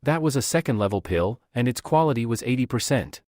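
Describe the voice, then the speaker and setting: A man voicing a confident young male alchemist hero who speaks in a calm, matter-of-fact way. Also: medium pitch, brisk, dry recording, studio quality, close to an everyday voice.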